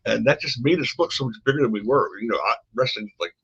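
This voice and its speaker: An older man, a former wrestling promoter appearing as a podcast guest, tells rambling stories from his past and restarts often. He talks fast at a medium pitch, with a husky, slightly bright voice and some vocal fry. The podcast audio is dull and lo-fi.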